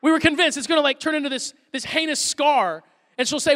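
A man pastor with a very high, bright voice tells humorous family stories in an Easter sermon. His words carry a long reverb from a large church hall. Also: brisk. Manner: humorous storytelling, self-deprecating asides. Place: church auditorium.

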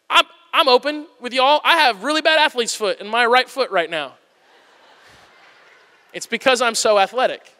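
A man in his thirties preaches with an animated, self-mocking humor and a very high, bright voice. His words carry a long reverb tail from a large church sanctuary. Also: normal speed. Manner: animated, joking and self-deprecating. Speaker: pastor. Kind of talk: humorous sermon.

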